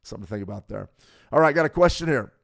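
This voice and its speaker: A man's voice: mid-range voice, animated, rapid-fire, gravelly. A man hosting a live trading stream, coaching viewers in a casual way, his throat a bit choked up from smoke. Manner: conversational, coaching, talks to viewers directly. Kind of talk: live market commentary.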